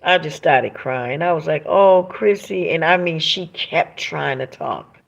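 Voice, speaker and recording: A woman's voice: deep voice, measured pace, creaky, a bit bright, lo-fi sound. A woman hosting a livestream, reading viewer comments aloud and talking in an emphatic, preachy way that repeats phrases for emphasis. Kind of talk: emotional livestream monologue.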